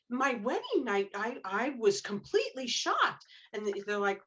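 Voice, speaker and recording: A woman's voice: fairly high pitch, moderate pace, muffled recording. A woman romance author chatting on a podcast panel, telling stories animatedly and acting out the quotes. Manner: animated storyteller, acts out quotes. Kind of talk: casual panel chat.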